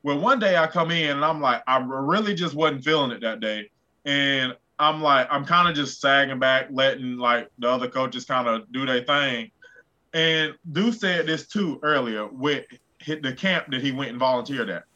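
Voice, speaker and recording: A man's voice: mid-range voice, moderate pace, dull audio. A man who coaches football telling a story in casual chat, full of fillers. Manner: energetic storyteller, many fillers.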